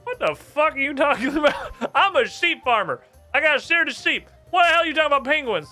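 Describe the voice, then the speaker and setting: A man's voice: very high voice, big pitch swings, faint music behind, pitched above the performer's own voice, exaggerated voice. A man voicing a hot-tempered old sheep farmer who barks back indignantly, while playing a game. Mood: baffled. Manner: shouty, indignant, quick to bark back.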